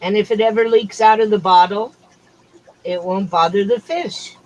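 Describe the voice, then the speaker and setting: A woman's voice: medium pitch, steady tone, normal speed, a little mellow, lo-fi sound. Rambling middle-aged woman streamer. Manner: rambling, chatty, drifts between topics with fillers. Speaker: livestream host. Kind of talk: casual chat.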